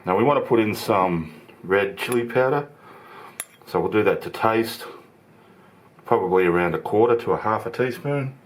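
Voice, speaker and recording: A man hosting his home cooking channel, talking through each step in a relaxed, chatty way from his kitchen. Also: lowish voice, moderate pace, long pauses, slight background noise. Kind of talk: casual cooking demonstration.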